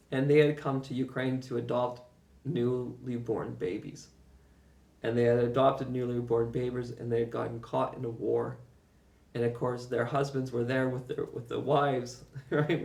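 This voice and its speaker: Man with a gravelly, fairly flat voice, rambling travel story with swearing, distant mic in an echoey space. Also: medium pitch. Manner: rambling, emphatic, swears, chuckles often. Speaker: vlogger recounting his own journey. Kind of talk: casual first-person storytelling. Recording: roomy echo, mic far off.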